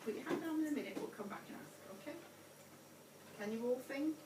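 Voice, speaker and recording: A woman teacher leading a lively class, encouraging and patient, her fairly high voice bouncing around a roomy classroom. She sounds distant from the camera, with steady room noise behind her. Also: fairly quick. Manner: encouraging, repeats prompts, calls pupils sweetheart. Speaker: primary school teacher. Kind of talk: whole-class phonics lesson. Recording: echoey classroom from far off.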